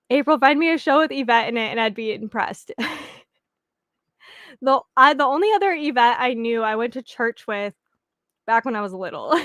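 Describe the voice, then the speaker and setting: A woman's voice: fairly high pitch, fairly bright tone, dry recording. A young woman chatting casually with viewers as the host of a reading sprint stream, rambling and giggling with lots of fillers.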